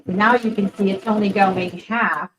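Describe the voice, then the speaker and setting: A woman's voice: mid-range voice, steady tone, measured pace, a little hiss or hum. A woman who teaches sewing, explaining each step in a casual tutorial at her machine and checking in with "right?" and "okay?". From Western Pennsylvania. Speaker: sewing instructor.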